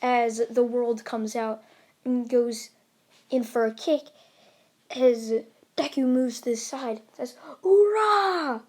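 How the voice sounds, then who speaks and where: A woman's voice: a little high, level tone, slow pace, long pauses, dark tone. A woman improvising a fan story, rambling with fillers and restarts as she narrates.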